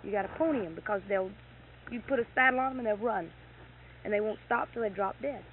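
A woman's voice: medium pitch, fast talker. A middle-aged woman, a horse owner, telling stories in casual chat, acting out quoted dialogue and getting heated as she retells. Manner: animated, acts out quoted dialogue, gets heated retelling anger. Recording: tinny lo-fi tape with faint hiss.

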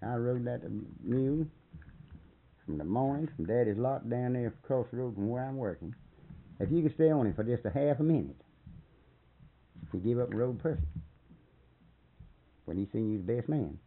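A man's voice: medium pitch, expressive, moderate pace, long pauses. An older man telling a long, rambling story in a folksy, profane way, chuckling as he goes. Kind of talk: rambling oral-history storytelling. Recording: tinny phone-like lo-fi recording.

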